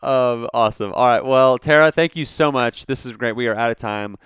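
A man's voice: mid-range voice, fairly quick, fairly bright tone, smooth, no echo, studio quality. A man hosting a podcast, chatting in an upbeat, casual way. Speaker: podcast host. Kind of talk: casual interview talk.

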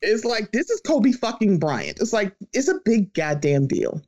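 Podcast host ranting casually, middle pitch, cusses a lot, does little voices for people. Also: unhurried. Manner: animated, profane, acts out quoted voices. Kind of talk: casual opinion chat.

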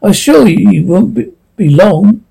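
A man's voice: high voice, expressive, normal speed, gravelly, mellow, slightly rough, full character voice, rough recording. A man reading as a fawning old innkeeper.

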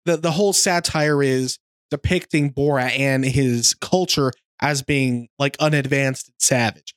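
A man co-hosting a podcast, retelling film scenes in casual chat with animated delivery. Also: medium pitch, a little slow, clear, resonant tone, no echo. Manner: animated storytelling, slips into a mimicked accent. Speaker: podcast co-host.

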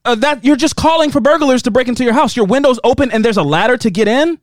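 A man co-hosting a podcast, chatting casually and joking as he recaps a TV episode with quick asides. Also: very high voice, no echo, clean studio sound. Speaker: podcast co-host recapping a TV series. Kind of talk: casual chat.

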